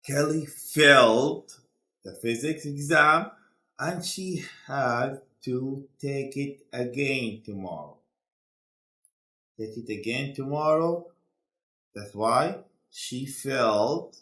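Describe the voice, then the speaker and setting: A man's voice: mid-range voice, sharp tone, echoey room. A man teaching a class who keeps checking his students follow along, speaking. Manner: slow, checks understanding with "okay?". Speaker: English teacher. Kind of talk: classroom lesson.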